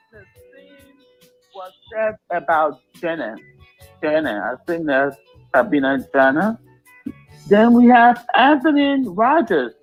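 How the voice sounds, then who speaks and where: Radio host, slow unhurried reading, dull lo-fi sound, faint music underneath. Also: medium pitch. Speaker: radio show host reading listener comments. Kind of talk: reading out live comments.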